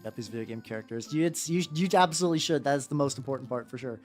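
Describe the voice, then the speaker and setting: A man's voice: mid-range voice, lively intonation, very fast. Rambling, sing-song male streamer. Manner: rambling and joking, often swearing; chats with viewers while painting. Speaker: streamer painting miniatures. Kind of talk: casual live-stream chat. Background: faint background music.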